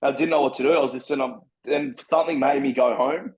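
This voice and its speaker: With a steady tone and a mid-range voice, an Australian man from Brisbane talks fast as a podcast guest, telling his life story in a frank, rambling, heavily profane fashion. The audio is dull throughout this candid personal storytelling.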